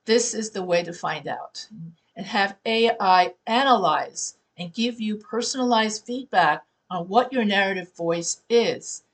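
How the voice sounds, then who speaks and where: A woman's voice: mid-range voice, a little slow. A woman who teaches writing, talking her students through tips in a conversational way and correcting herself as she goes. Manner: conversational, restarts and self-corrections. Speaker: writing professor. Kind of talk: classroom teaching talk.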